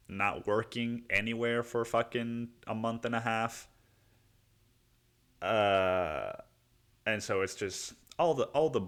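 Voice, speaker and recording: A man's voice: on the low side, a bit bright, clear, resonant tone. A young man hosting a casual solo podcast, rambling and swearing freely, poking fun at himself and calling the listener "dude" and "man". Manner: rambling, profane, self-mocking, says "dude" and "man" a lot. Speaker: podcast host.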